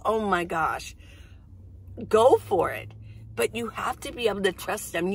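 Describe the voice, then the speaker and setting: A woman's voice: medium pitch, breathy edge, rough recording. A middle-aged woman hosting a casual, rambling coffee-chat vlog from her minivan. She laughs often as she talks. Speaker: vlogger. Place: inside a minivan.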